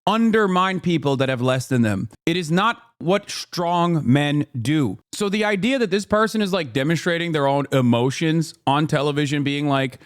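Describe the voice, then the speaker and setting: Brief ranting thirtysomething male streamer, swears a lot, higher-pitched voice, dry close sound. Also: expressive, moderate pace, hardly any pauses, clear, resonant tone, no echo. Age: 30s. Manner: profane, ranting, sarcastic. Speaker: streamer reacting to news clips. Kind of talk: heated political commentary.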